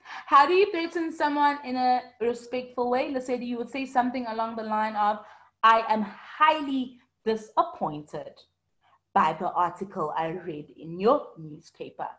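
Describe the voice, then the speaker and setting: A woman's voice: on the high side, moderate pace, a bit bright. Female teacher, online class, patient and explanatory, calls on students by name. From South Africa. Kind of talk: online lesson reading student comments.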